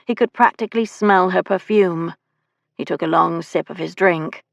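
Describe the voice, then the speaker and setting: A woman narrating a historical romance audiobook in a measured, even storytelling voice. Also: on the low side, creaky, dry recording, lo-fi sound. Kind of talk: scripted narration of a romance novel.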